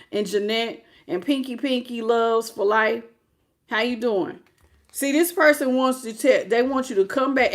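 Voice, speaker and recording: A woman giving a live tarot reading in a blunt, slangy, animated way, greeting chat viewers as she goes. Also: on the high side. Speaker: tarot reader.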